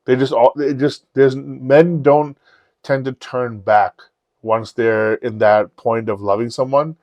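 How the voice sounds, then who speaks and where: Guy on a podcast swearing a lot, candid animated storyteller, dry close sound. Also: mid-range voice, slow pace, dry recording, muffled recording. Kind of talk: casual storytelling chat.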